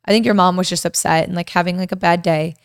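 Chatty young woman, smooth dry voice. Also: on the low side, quick pace, no room sound. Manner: animated, storytelling with many "like"s. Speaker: podcast co-host. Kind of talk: casual couple's podcast chat.

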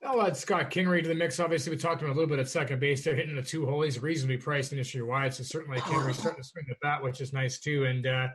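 A man giving a quick, confident rundown of fantasy baseball picks as a co-host. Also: a little high, steady tone, a bit bright. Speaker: co-host analyst. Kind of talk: fantasy baseball strategy chat.

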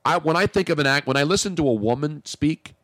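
A man's voice: a little high, quick pace, a bit bright, dry recording. A man, hosting a radio show with joking, rambling banter that often stops and restarts. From Philadelphia. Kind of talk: casual comedic radio banter.

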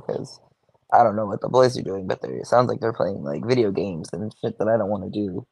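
A man's voice: on the low side, brisk, creaky, a little mellow, slight background noise. A young man, a go-go dancer, talking casually in an interview, chatty, swearing freely and saying "like" a lot. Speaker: guest, go-go dancer.

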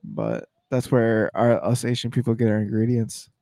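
A man's voice: medium pitch, normal speed, warm tone, no room sound, clean studio sound. A man co-hosting a podcast, firing off teasing, jokey replies in casual banter. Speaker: podcast co-host.

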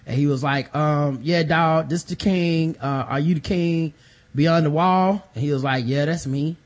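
A high-pitched man hosting a podcast, chatting casually. He retells scenes with animated storytelling and plays each character in a slangy voice, all into a podcast mic. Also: a little slow. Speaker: podcast host. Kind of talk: casual chat, recapping a TV episode.

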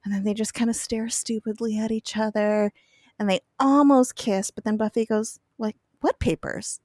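A woman's voice: on the high side, steady tone, normal speed, darkish tone, no room sound. Giggly woman telling a story, dry mic. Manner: giggly, chatty storytelling with frequent laughs. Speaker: podcast guest recapping an episode. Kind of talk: casual chat.

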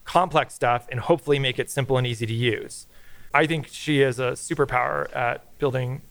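A middle-aged man talking as a podcast guest, telling animated stories in casual chat and swearing freely. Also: medium pitch, brisk, gravelly, no room sound.

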